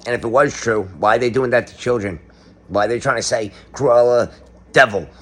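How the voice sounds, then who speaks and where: A man's voice: medium pitch, steady tone, fast. A middle-aged man giving a sarcastic, ranting comedic monologue, now and then breaking into sung or quoted lines. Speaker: online commentator. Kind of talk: casual comedic monologue to camera.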